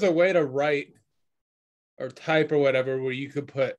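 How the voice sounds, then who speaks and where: A man's voice: medium pitch, fairly even intonation, normal speed. Laid-back jokey podcast man. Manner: laid-back, jokey, tries silly voices. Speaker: podcast co-host. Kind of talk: casual chat.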